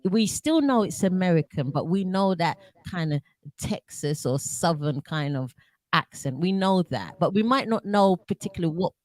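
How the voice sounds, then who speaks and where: A London woman hosts a radio interview with a London accent and an enthusiastic manner. Her pitch swings widely while staying on the lower side. The sound is close and dry. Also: expressive, moderate pace, darkish tone, dry recording. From England. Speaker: radio host.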